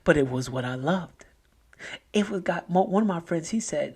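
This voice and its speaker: Husky-voiced man giving a motivational talk. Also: fairly high pitch, lively intonation, moderate pace, a little mellow. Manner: conversational, repeats and restarts phrases while telling stories. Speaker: podcast host.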